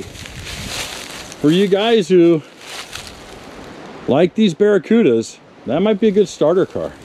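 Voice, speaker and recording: Man, slow and mellow, chatty salvage-yard tour host outdoors, faint background noise. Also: a little high. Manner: chatty, talks to viewers and cars. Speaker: car magazine presenter. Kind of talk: casual walkaround commentary.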